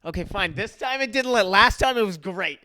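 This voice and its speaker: A young man with a bright, edgy, fairly high voice, heard close and dry on the mic. He co-hosts a casual podcast and teases his partner with quick jabs. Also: animated, no room sound. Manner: teasing, quick interjections and laughter. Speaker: podcast co-host.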